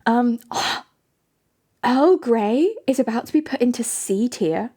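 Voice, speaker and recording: Giggly woman streamer, fairly high. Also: lively intonation, slow, warm tone. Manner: giggly, laughs often between sentences. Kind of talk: casual live-stream chat with viewers.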